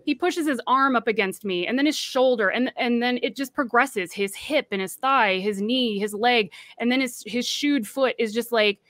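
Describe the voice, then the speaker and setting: Earnest woman with a high, dry voice. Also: normal speed, few pauses, fairly bright tone, no echo. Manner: earnest, acts out quoted voices. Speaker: guest. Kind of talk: recounting a personal story on a livestream panel.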